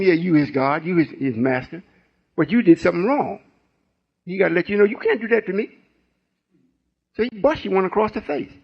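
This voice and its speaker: An older man in his late sixties delivers a folksy, rambling teaching with call-and-response asides. His voice is husky and sits a little high. The recording sounds muffled and lo-fi. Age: 60s. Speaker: spiritual teacher. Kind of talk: informal sermon teaching.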